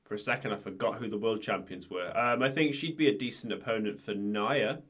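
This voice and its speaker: A man's voice: on the low side, a bit bright. A man co-hosting a podcast, chatting casually and teasing his partner. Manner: teasing, quick to laugh. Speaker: podcast co-host. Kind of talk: casual chat about wrestling.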